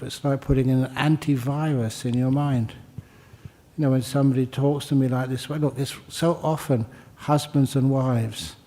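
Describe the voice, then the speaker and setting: Older male monk, dharma teacher; mellow, humorous, conversational. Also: mid-range voice. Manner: joking, conversational, repeats phrases for emphasis. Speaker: Buddhist monk teaching meditation. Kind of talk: dharma talk answering questions.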